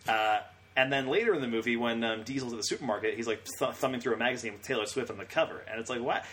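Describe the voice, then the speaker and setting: A young man co-hosts a casual podcast, racing through his retelling of scenes. His pitch sits in an ordinary middle range, and he laughs often as he talks. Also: a bit bright. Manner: fast, rambling retelling with frequent laughs. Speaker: podcast co-host. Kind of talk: casual chat.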